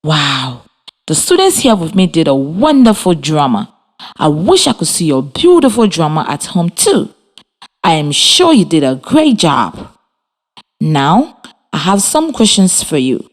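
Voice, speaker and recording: Slow, lively-voiced woman teaching over radio. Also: low voice. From Liberia. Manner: slow, clear, encouraging, spells and claps out words. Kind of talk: radio reading lesson for children. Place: radio studio with students.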